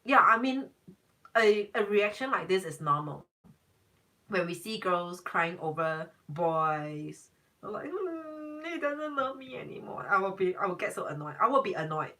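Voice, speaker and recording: A woman's voice: lowish voice, moderate pace, pushed and bright, recorded from a distance, rough recording. A young woman, a tarot reader, chatting casually on a live stream, emphatic and repeating herself.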